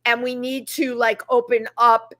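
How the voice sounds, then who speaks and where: A woman hosts a live talk show with a high, bright voice. She tells her stories in an animated, effusive way and keeps the chat moving. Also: a little slow. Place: restaurant.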